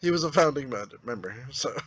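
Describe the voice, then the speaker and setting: Lively man telling rambling party stories. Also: mid-range voice, poor audio. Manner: rambling anecdotes with restarts. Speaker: podcast co-host. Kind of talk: casual storytelling.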